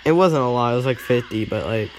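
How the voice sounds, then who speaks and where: A young man rambling to himself while playing a mobile game, self-mocking and given to excitable outbursts, recorded on a phone. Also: medium pitch, quick pace, faint music behind. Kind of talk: casual gameplay commentary.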